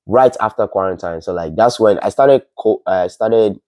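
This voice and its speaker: A young Nigerian man spins a story in a relaxed interview, laughing often and slipping into the voices of his friends. His voice is warm and mellow, recorded close and dry. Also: lowish voice, normal speed, dry recording. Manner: animated, laughs often, acts out quoted friends. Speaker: guest.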